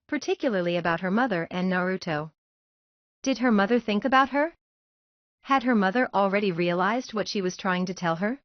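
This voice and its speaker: A woman's voice: mid-range voice, no room sound. Woman reading a story aloud. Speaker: fanfiction reader. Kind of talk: audiobook narration. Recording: dull, dry, lo-fi.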